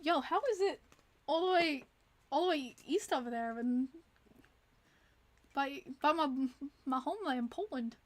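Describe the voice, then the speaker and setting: High-voiced chatty woman streamer. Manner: chatty, reacts to viewer chat with quick exclamations. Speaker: livestream host. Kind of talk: casual livestream chat.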